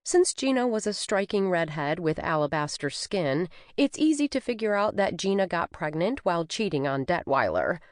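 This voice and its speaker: Expressive woman audiobook narrator. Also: fairly low pitch, moderate pace, hardly any pauses, no room sound, clean studio sound. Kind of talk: scripted first-person narration. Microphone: studio microphone.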